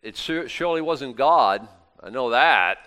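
A man preaching a sermon in a conversational way, swinging from loud exclamations to quiet asides and often restarting his words. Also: medium pitch, lively intonation, unhurried.

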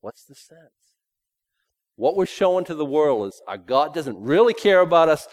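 A man preaching a sermon in a folksy, emphatic way, swinging between loud points and hushed asides. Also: a little high, very animated, normal speed, dry recording.

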